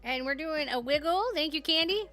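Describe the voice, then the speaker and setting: A woman's voice: high voice, brisk, fairly bright tone, soft background music. A woman live streamer chatting casually with her viewers, talking loosely with lots of "like"s and frequent laughter. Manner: chatty, laughs often, many filler "like"s. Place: home streaming setup.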